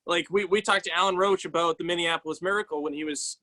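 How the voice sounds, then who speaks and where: A man's voice: high voice, steady tone, fast, pushed and bright, poor audio. A young man hosting a sports podcast, asking questions in a chatty, eager way. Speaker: podcast host. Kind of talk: casual interview questions.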